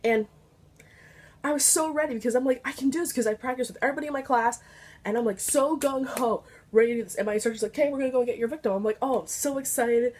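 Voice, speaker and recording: A young woman vlogger telling a story casually, animated and swearing freely, her voice climbing high when she gets excited. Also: quick pace, slight background noise.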